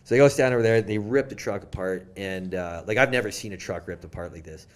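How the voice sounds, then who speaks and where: A young Canadian podcast guest with a fairly low voice talks at a quick pace as he relates a story in casual style. Animated and filler-heavy, he voices the quoted dialogue himself.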